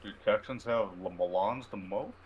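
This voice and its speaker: A man chatting with friends over voice chat, laid-back and a little slow to answer. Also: fairly low pitch, husky, dull audio. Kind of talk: casual voice chat.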